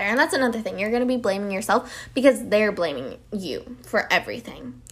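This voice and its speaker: A woman's voice: fairly high pitch, brisk, few pauses. A young woman hosting her own podcast, talking casually and rambling with many fillers and restarts. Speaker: podcast host. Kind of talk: casual solo podcast talk.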